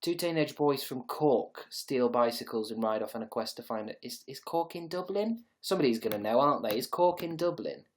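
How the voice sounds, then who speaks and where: A man's voice: medium pitch, animated, a little fast, hardly any pauses. A man hosting a casual livestream, chatting to viewers in a rambling, sarcastic, sweary way. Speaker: livestream host.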